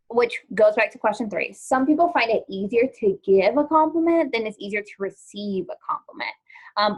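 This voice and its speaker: A woman teaching a social skills lesson to an online class. She talks in a chatty, informal way, with many "ums" and "likes", and keeps asking the students questions. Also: medium pitch.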